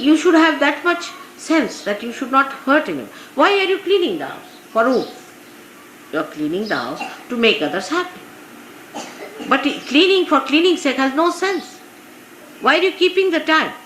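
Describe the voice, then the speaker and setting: This woman's voice sits high and swings widely in pitch, moving at a moderate pace with a slightly bright tone. A spiritual teacher from India, she speaks in Indian English, sharing anecdotes with her followers in a casual talk peppered with "you see." The archive tape is from the 1980s, echoey and faintly hissing.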